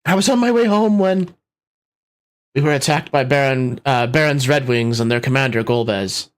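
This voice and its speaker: A man's voice: medium pitch, moderate pace, clear, resonant tone, lightly acted. A man voicing a timid young prince in a game read-through, plaintive in tone. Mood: sad.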